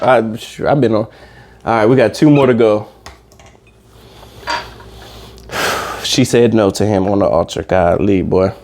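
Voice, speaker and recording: A man's voice: medium pitch, a little mellow, slight background noise. A man hosting a casual reaction video, rambling and preaching life lessons straight to his viewers and swearing freely.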